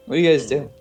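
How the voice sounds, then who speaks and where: A man's voice: a little high, darkish tone. A man narrating as game master, rambling and hesitant with many fillers. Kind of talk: narrating a tabletop game over voice chat.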